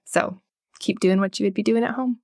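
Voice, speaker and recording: A woman, a child psychologist speaking as a podcast guest, calm and reassuring as she explains. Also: medium pitch, brisk, dry recording, studio quality. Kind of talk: podcast interview.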